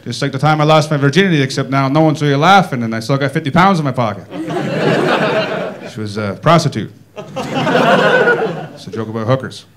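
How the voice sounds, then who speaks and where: A Canadian man doing a stand-up comedy set in a club, folksy and deadpan, tagging his lines with "eh?". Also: medium pitch, brisk, long pauses, heavy background noise. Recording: live club set with audience laughter. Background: crowd laughter.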